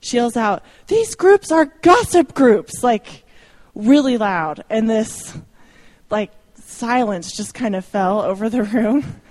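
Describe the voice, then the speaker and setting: A young adult woman speaking informally to a church audience about ministry, chatty and self-deprecating, with light laughs. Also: a little high. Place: church meeting room.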